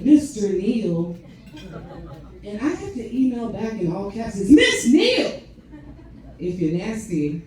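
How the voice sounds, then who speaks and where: A woman stand-up comic works a club crowd with punchy, crowd-teasing delivery. Her pitch leaps around, and her tone stays dark and mellow. The recording is roomy and distant, with faint ambience behind her. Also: slight background noise. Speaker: stand-up comedian. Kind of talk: stand-up comedy set. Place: comedy club stage. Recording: echoey club recorded from afar.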